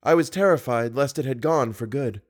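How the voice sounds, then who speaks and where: A man voicing a young woman singer, devoted yet fearful, in a storybook reading. Her lines come in a measured, earnest tone at a middling pitch. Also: lightly acted. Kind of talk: audiobook reading.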